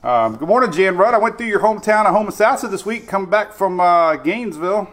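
A man's voice: high voice, expressive, fast, fairly bright tone. A middle-aged man hosting a live weather stream, chatty and upbeat, greeting viewers by name. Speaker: weather show host.

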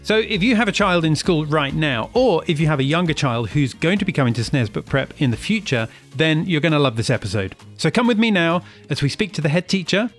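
A man's voice: on the high side, animated, a little fast, hardly any pauses, faint music behind. A man hosting a podcast, chatting casually and asking questions with friendly, self-aware asides. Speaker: podcast host.

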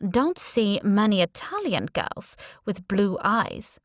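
A woman's voice: mid-range voice, very animated, a little slow, dry recording, studio quality. A woman voicing a thin, smug Norwegian woman who speaks in a cool, probing way.

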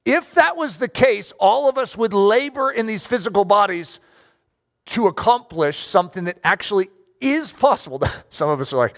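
A man preaching a sermon to a congregation, emphatic and animated, asking rhetorical questions and drawing out key words. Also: high voice, normal speed, gravelly. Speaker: pastor.

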